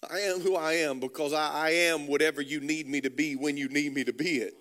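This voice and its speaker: God in a sermon, calm all-powerful male deity, slow and assured, pastor reading him a bit lower than his own bright voice. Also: natural voice. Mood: solemn.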